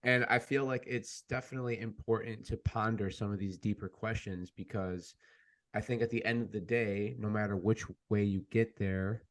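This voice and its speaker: A man's voice: lowish voice, steady tone, normal speed. A man hosting a podcast in casual conversation, asking thoughtful, searching questions with many fillers. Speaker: podcast host.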